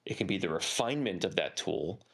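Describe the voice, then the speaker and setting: A man on a casual panel discussion, making his point in a measured, deliberate way and repeating words as he thinks. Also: low voice, lively intonation, a bit bright. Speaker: panel guest.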